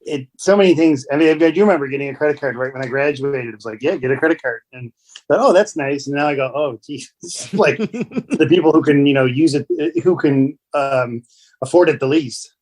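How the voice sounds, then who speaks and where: Relaxed middle-aged man, wry guest. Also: fairly high pitch, fairly quick. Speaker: guest comedy writer. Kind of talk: casual podcast chat.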